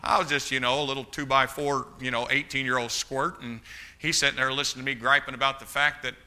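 A man's voice: mid-range voice, little pitch movement, fast, pushed and bright. A middle-aged man preaching a sermon, telling a personal story with frequent restarts and asides to the congregation.

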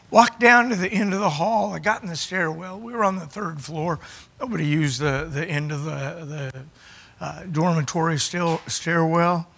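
A middle-aged man preaching as he tells his own testimony, with an emotional delivery that swings from near shouts to quiet moments and often restarts his phrases. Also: a little high, vocal fry, slightly rough. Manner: emotional, rising to near shouting at climaxes, dropping quiet at others; repeats words and restarts phrases. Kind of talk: sermon storytelling.

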